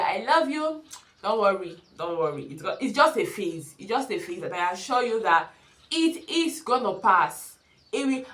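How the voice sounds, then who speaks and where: Young woman vlogging earnest advice, mid pitch, echoey room sound. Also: a bit bright. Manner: earnest, emphatic, addresses viewers directly. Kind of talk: casual advice talk to camera.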